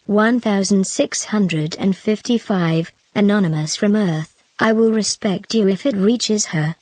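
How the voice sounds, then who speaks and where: A woman's voice: mid-range voice, unhurried, a little mellow, no room sound. A woman narrating a web novel aloud, reading a long run of numbered online comments one after another.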